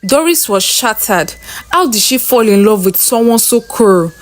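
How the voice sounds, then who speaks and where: A woman's voice: fairly high pitch, lively intonation, measured pace. Woman narrating a drama story. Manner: plain, dramatic retelling.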